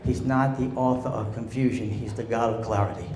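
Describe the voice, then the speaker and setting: In an echoey church sanctuary, a male pastor with a mid-range voice delivers a brisk sermon at a fairly even pitch, with a crowd audible behind him. He calls on the congregation to answer back and acts out the voices of the people he quotes.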